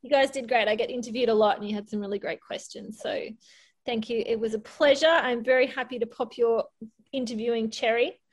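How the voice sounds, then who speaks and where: A woman guest on a podcast, telling a personal story in a candid, lively way and often laughing. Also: fairly high pitch, brisk. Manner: candid, animated, laughs often, acts out quotes. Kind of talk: casual storytelling.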